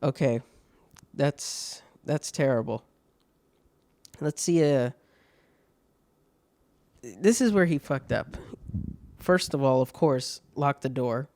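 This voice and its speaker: A man's voice: medium pitch, takes it slowly, long pauses, a little mellow, no echo. A man hosting a podcast, reading online stories aloud with laughing, swearing, mocking asides. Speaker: podcast host.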